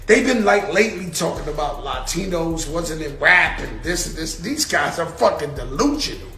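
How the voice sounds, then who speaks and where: Gravelly brash New man. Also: fairly high pitch, sing-song, moderate pace, bright, forceful tone, echoey room. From Bronx, New York. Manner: brash, profane. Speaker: interviewed rapper, played clip. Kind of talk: casual interview talk.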